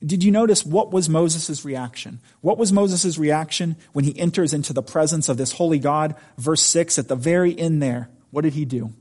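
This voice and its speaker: A man's voice: a little high, moderate pace, hardly any pauses, a little mellow. A man preaching a sermon in a conversational, emphatic way, asking the congregation rhetorical questions. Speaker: pastor.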